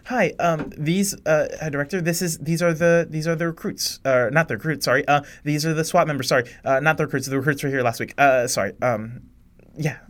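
A woman's voice: sits low, brisk, voice pushed up, close to an everyday voice. A man voicing a nervous female lab assistant who rambles, stammers and keeps apologizing. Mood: flustered.

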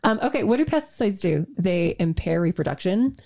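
A woman co-hosting a health podcast in casual chat, talking fast with restarts and sarcastic asides. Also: mid-range voice, very animated, gravelly, warm tone. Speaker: podcast co-host, health practitioner. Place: home podcast room.

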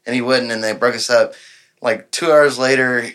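A man's voice: medium pitch, fairly even intonation, normal speed, fairly bright tone. A man, telling a rambling bar story on a podcast and acting out the other people's lines. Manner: rambling, acts out quoted dialogue, laughs often. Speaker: podcast guest. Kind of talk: casual storytelling.

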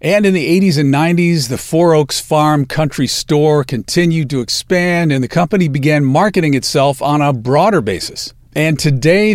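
A man's voice: fairly high pitch, no echo, studio quality. Chatty man hosting a food podcast. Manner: enthusiastic, chatty, drawn-out emphasis on food. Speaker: podcast host. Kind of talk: casual podcast monologue.

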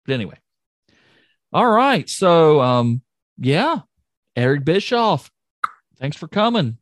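A man co-hosting a podcast in casual chat, excitable and jokey, often trailing off and restarting. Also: a little high, slow pace, dry recording, clean studio sound. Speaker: podcast co-host recapping wrestling.

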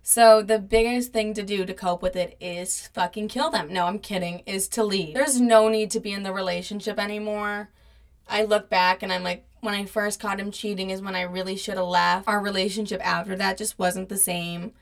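Profane, animated young woman telling a story. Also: medium pitch, normal speed. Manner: profane, animated retelling with quoted voices. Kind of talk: casual storytelling monologue.

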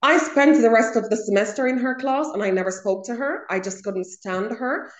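A woman's voice: fairly high pitch, normal speed. A young adult woman co-hosting a casual chat, telling a personal story with emphatic repetition. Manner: emphatic storytelling, repeats words for stress. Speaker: co-host. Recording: roomy echo.

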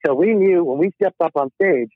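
Over a tinny, dry phone line, a middle-aged rock musician, a guest in a casual interview, tells stories with a slightly high, husky voice at a somewhat fast clip. He acts out quotes and laughs often, with no room sound.

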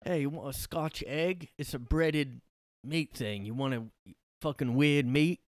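A man's voice: on the high side, measured pace, big-room sound, natural voice. A man doing a jeering British pub bloke. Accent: put-on British. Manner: jeering, exaggerated, shouty. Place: his room.

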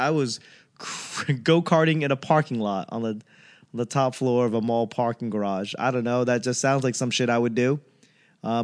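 A young man hosting a podcast, talking in a rambling, joking, casual monologue with some swearing. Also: medium pitch.

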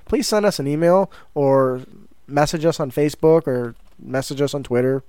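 A man with a fairly high voice co-hosting a tabletop gaming podcast, chatting casually and with energy. He slips into quick character voices and laughs easily. The sound is dry and close, recorded on a podcast microphone. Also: mellow, clear, resonant tone, dry recording. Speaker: podcast co-host. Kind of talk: casual chat.

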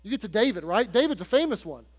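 A man with a high voice preaches in a church, and his words ring out with a long hall reverb. He tells the story in a loose, chatty way, talks straight to the congregation and slips into the voices of the people in it. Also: sing-song, quick pace. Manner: conversational storytelling, addresses the congregation directly; acts out quoted characters with shifts in pitch and loudness. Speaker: pastor. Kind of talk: sermon. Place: church sanctuary. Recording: long hall reverb with faint mains hum.

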